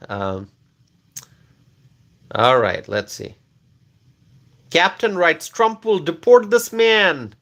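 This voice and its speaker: Lively, high-pitched livestream host man. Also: vocal fry. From Bangladesh. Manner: animated, repeats questions, laughs often. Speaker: livestream host reading chat. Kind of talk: live stream chat reading.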